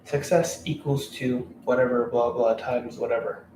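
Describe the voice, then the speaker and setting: A man's voice: mid-range voice, fairly even intonation, normal speed. Blunt, profane man ranting in a roomy space. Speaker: video host giving dating advice. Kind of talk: casual unscripted rant to camera. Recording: roomy room, mic at a distance, faint background noise.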